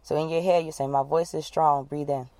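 A woman coach leading listeners through a guided breathing exercise, giving calm, repeated instructions. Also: low voice, a little fast, no room sound. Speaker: wellness coach.

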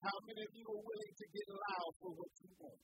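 A woman preacher delivering a sermon, emphatic, pausing to ask the congregation fill-in questions. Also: medium pitch, lively intonation, gravelly, breathy edge, dry recording, rough recording.

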